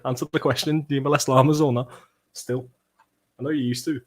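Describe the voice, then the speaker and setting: Young male fan host, mid-pitch voice, cheeky banter with viewers, swears freely. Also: normal speed. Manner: banter, swearing, reading out chat comments; bursts into excited play-by-play. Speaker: watchalong livestream host. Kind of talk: casual livestream chat and match reaction.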